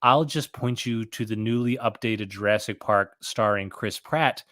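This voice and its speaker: A man's voice: fairly low pitch, measured pace, a bit bright. A man co-hosting a casual podcast chat, joking with many fillers and restarts. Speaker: podcast co-host.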